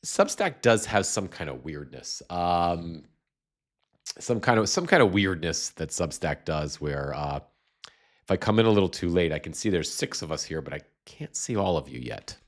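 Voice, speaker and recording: A man's voice: low voice, expressive, normal speed. A man hosting a casual live political commentary stream, sarcastic and rambling with restarts, still getting over a cold with a slight cough. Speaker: livestream host.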